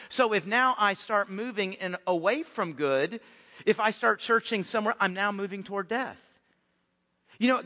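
A man preaching a sermon in a lively, conversational way, often repeating words as he restarts his sentences. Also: high voice. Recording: echoey hall with long reverb.

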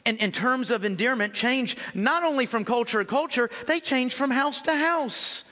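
An American man preaching a sermon as pastor, conversational and animated, calling his congregation folks. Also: very high voice, normal speed, in a large hall.

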